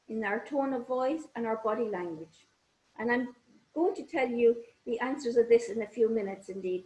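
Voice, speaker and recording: A woman's voice: on the high side, warm tone. A woman giving a parenting workshop online, talking straight to her audience and asking them questions. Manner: engaging, addresses audience with questions. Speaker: parenting trainer. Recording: echoey room.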